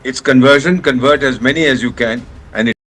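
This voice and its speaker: An older man with an Indian accent speaks as an impassioned guest on a live news broadcast. His voice is forceful and sharp, and his anger drives every emphatic line as he slips Hindi phrases into his English. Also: mid-range voice, fairly even intonation, fast talker, a little hiss or hum, low-quality recording. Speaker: former ambassador, studio guest.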